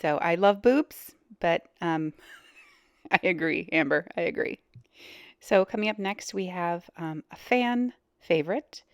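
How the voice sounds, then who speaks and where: Woman, reaction commentator, low voice, dry recording, blunt, hesitant. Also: a little slow, dry recording. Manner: blunt, hesitant with many ums. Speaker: reaction video host. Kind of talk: casual commentary.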